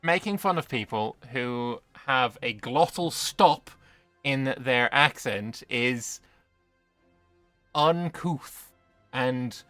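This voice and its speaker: A man's voice: medium pitch, lively intonation, extremely slow, sharp tone, no echo, soft background music. A British man streaming a strategy game, bantering with chat and swearing casually. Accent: British English. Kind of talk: gaming livestream commentary.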